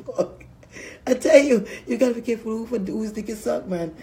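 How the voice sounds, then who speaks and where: High-voiced man ranting crudely, laughing. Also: moderate pace, a little mellow. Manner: crude, laughs through his words, tearful from laughing. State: laughing to tears, runny nose. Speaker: vlogger. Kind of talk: profane laughing rant to camera.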